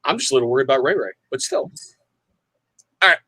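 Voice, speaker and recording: A man's voice: medium pitch, lively intonation, fast talker, sharp tone, no room sound. Wisecracking man hosting a dry-miked chat. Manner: teasing, wisecracking banter. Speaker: host of veteran discussion panel. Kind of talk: casual panel chat.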